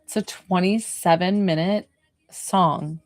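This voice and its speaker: A woman who works as a medium, chatting casually on a livestream and answering her viewers' questions in a lively way. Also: fairly low pitch, slow, no echo. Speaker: medium doing live readings.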